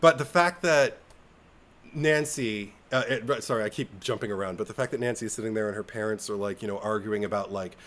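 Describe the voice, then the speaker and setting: A man's voice: fairly low pitch, fairly quick, a bit bright. A man on a podcast, chatting casually and acting out film lines in exaggerated voices. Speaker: podcast co-host. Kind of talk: casual chat.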